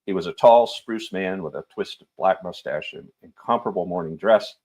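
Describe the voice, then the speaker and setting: Husky-voiced man reading a novel aloud. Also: deep voice, normal speed, darkish tone.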